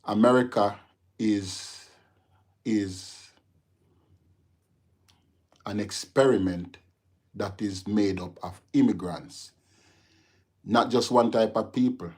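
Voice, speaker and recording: A man's voice: fairly low pitch, takes it slowly, pauses often, darkish tone, husky. A man from Jamaica with a Jamaican accent, hosting a casual livestream and answering viewer comments, turning heated and lecturing. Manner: talks straight to viewers, gets heated and lecturing. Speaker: livestream host.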